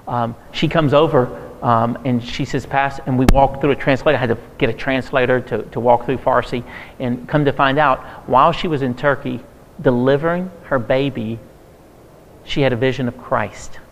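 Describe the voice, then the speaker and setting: Pastor preaching in a big hall. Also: male voice, mid-range voice, normal speed. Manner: storytelling, acting out quoted voices with humor. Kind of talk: sermon-style talk to a church audience. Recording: long reverb of a large hall.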